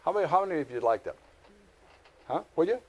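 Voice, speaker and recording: A middle-aged man teaching a live real estate class, lecturing with folksy stories and animated asides. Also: fairly high pitch, fast talker, breathy edge.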